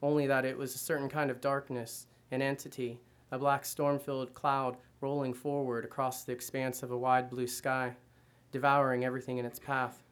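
A man giving a measured first-person reading of literary fiction. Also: mid-range voice, flat delivery, a bit bright, clean tone. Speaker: reader.

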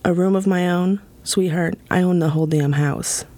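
A woman performing her own spoken-word poem in a wry, deadpan, measured way. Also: on the low side. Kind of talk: spoken-word poetry reading.

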